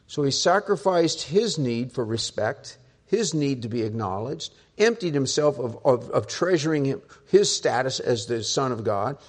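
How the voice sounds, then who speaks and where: An older man preaches a sermon in an easy, conversational way, putting rhetorical questions to his listeners. When he turns to his own stories, he drops to a soft, hushed voice. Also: medium pitch. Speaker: pastor.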